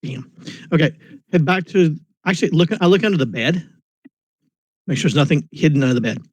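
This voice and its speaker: A man playing a tabletop game online, brisk and matter-of-fact, on a computer mic. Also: fairly high pitch, husky, dry recording. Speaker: player. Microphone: computer mic on an online call.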